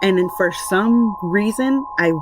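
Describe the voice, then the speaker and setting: A woman's voice: mid-range voice, unhurried. Woman recounting an eerie story, noisy recording. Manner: rambling, conversational, many "like"s and restarts. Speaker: mother telling a true paranormal story. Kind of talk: casual spoken recollection.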